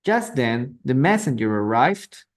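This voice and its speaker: His mid-range voice has a sing-song lilt and a measured pace as this Peruvian man teaches a live online English reading lesson. He patiently repeats and translates words, asks students questions, and welcomes viewers over a phone or computer mic.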